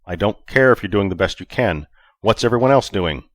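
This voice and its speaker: A man voicing a brash, exasperated male starship captain who talks loudly and pushily. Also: sits low, animated, moderate pace, dry recording, studio quality. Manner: loud, pushy and exasperated.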